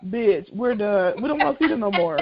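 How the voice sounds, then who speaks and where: A woman in her thirties, a podcast co-host, talking slowly and sassily in casual chat, laughing through her lines. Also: medium pitch, lively intonation. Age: 30s. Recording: muffled lo-fi recording with loud noise.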